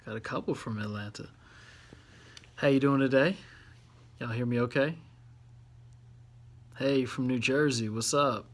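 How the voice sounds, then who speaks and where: A man's voice: mid-range voice, unhurried, long pauses. A man hosting a casual livestream from his office, greeting viewers by name and place and speaking in an upbeat, encouraging way.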